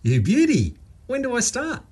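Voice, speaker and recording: A man's voice: high-pitched, lively intonation, moderate pace, pitched above the performer's own voice. A man voicing a cheerful, easygoing outback bloke from Queensland with a broad Australian accent and a laid-back drawl.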